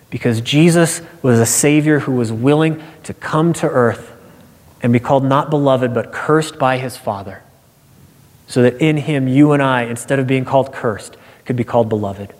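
A man preaching a sermon in an earnest voice, moving from hushed, quiet lines to emphatic repeated phrases. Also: medium pitch, normal speed. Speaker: pastor. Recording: long reverb of a large hall.

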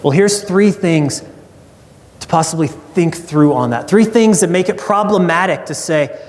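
A man's voice: a little high, lively intonation, normal speed, big-room sound. A man preaching a sermon as pastor, conversational and storytelling.

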